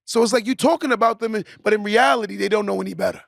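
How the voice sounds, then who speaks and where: Young guy lecturing on his podcast, kinda high voice, keeps saying right?. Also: fast, vocal fry, no room sound, clean studio sound. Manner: preachy, repeats "right?" as a tag. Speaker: podcast host. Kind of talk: motivational monologue.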